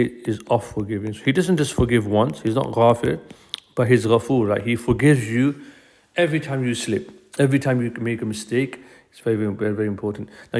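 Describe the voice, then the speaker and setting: A man's voice: medium pitch, darkish tone. Patient man teaching a grammar lesson. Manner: patient, explanatory, repeats key phrases.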